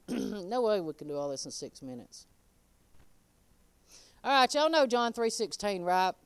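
A woman preaching an informal sermon and giving her testimony. She talks straight to the crowd and swings between soft, quiet asides and loud, emphatic lines. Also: mid-range voice, animated, a little slow, clear, resonant tone, no echo. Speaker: speaker giving a testimony and teaching.

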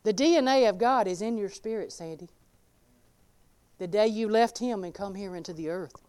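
A woman preaching a sermon in a folksy, emphatic way, swinging between loud exclaiming and quiet asides. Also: mid-range voice, normal speed, clear, resonant tone.

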